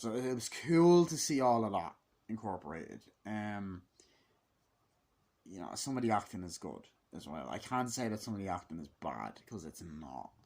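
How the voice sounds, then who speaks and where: A man with an Irish accent giving a casual, profane film review, acting out scenes in quick voices. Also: fairly low pitch, a little mellow. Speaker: movie reviewer.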